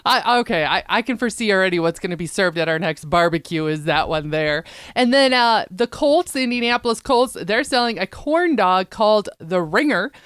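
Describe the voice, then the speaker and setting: A woman's voice: medium pitch, expressive, a little fast, hardly any pauses, a bit bright, smooth, dry recording, studio quality. A woman co-hosting a casual talk show, chatting upbeat and reading out news items. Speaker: co-host.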